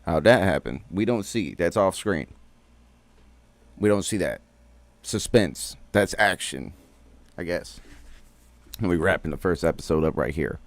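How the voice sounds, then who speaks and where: A man's voice: sits low, lively intonation, a little slow, pauses often, no echo. A man streaming a casual, rambling recap of a cartoon episode, full of slang and swearing.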